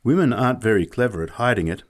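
A man's voice: medium pitch, expressive, fast talker, close to an everyday voice. A man reading an audiobook and voicing a proper, flustered young woman who argues emphatically. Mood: teasing, flustered.

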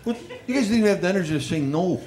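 A man doing self-deprecating stand-up and chatting with the audience, over loud crowd laughter. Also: sits high, animated, racing, very noisy. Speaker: stand-up comedian. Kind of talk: stand-up routine.

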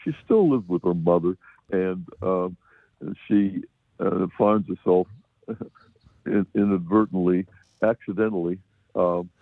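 American film reviewer, low voice, dry tinny phone line, rambling and chuckly. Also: male voice, slow, long pauses, no room sound. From United States. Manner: rambling, chuckling, many restarts. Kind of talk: casual radio film review.

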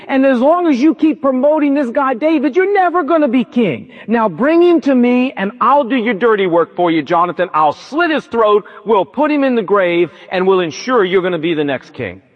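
A man's voice: extremely high pitch, expressive, moderate pace, hardly any pauses. A man voicing a furious, paranoid king berating his son in a ranting, insulting manner. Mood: enraged. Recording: dull lo-fi with long reverb.

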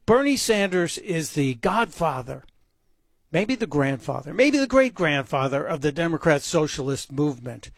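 Sarcastic talk radio host with a dry sound. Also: male voice, a little high, very animated, normal speed, vocal fry, no room sound. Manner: sarcastic, mocking commentary. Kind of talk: opinion talk radio monologue.

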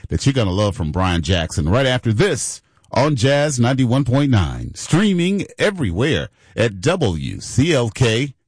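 A man co-hosts a fundraising radio show in a lively, swinging voice, playful and encouraging listeners to give. His voice sits dry and close to the mic. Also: medium pitch, a little slow, breathy edge, no echo. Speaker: radio co-host. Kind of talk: pledge drive radio chat.

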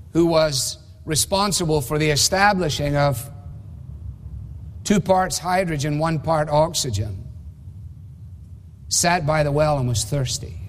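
A man preaching an expository sermon in a measured, emphatic way, often asking rhetorical questions. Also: on the high side, slight background noise. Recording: long reverb of a large hall.

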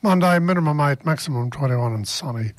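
An Australian man hosting community radio, talking in a relaxed, chatty way. His voice sits a little high. The sound is dry and close, with no room around it. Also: fairly quick, no echo. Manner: chatty, reads weather lists then tells a joke. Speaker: radio presenter. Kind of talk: casual community radio presenting.

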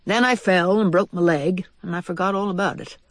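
A reader voicing an old male white mouse with a limp, cordial and measured in how he speaks. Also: mid-range voice, no room sound, studio quality, natural voice. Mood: reassuring.

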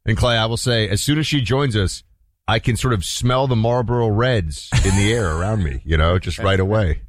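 A man co-hosts a call-in radio show in a lowish voice, trading chummy asides. He tosses rhetorical questions to the audience. The studio sound is dry. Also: moderate pace, dry recording. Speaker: radio talk show co-host. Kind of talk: talk radio chat.

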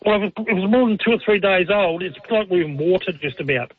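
Male radio caller, high husky voice, halting, rambling delivery, muffled call audio. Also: expressive.

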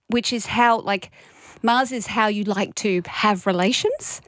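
A woman co-hosting a radio show, telling stories in quick, chatty banter. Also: a little high, animated, fairly bright tone, no room sound, studio quality. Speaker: radio co-host. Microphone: studio mic.

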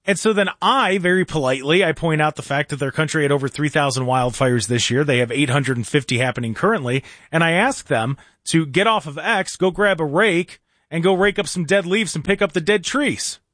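A man's voice: a little high, a little fast, a bit bright, dry recording, clean studio sound. A man hosting a talk radio show, telling a story in a sarcastic, mocking way.

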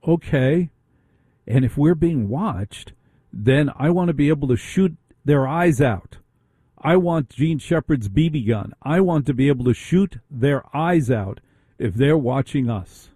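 A man hosts a talk radio show, delivering a ranting monologue packed with rhetorical questions. His voice is dark and husky. The sound is dry and close. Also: mid-range voice, animated, a little slow, dry recording.

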